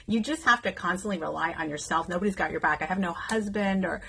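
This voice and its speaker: A woman's voice: lowish voice, quick pace, gravelly, fairly bright tone, husky, poor audio. A woman in her fifties talking candidly in a casual vlog while doing her makeup, chatting openly with plenty of fillers. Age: 50s. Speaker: beauty vlogger.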